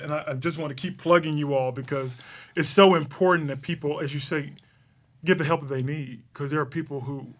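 Earnest middle-aged man, slightly high voice. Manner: earnest, emotional, many restarts. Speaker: host. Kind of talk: casual interview chat.

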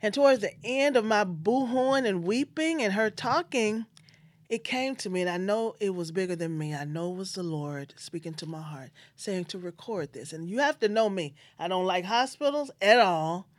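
A woman's voice: mid-range voice, moderate pace, dry recording. A woman hosting her own show, telling a personal family story in an earnest, heartfelt way. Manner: heartfelt, earnest, quotes others with feeling. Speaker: host.

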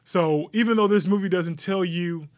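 Agreeable man with a higher voice. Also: moderate pace, darkish tone. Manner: agreeable, frequent backchannel "right". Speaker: podcast co-host. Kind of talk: casual movie discussion.

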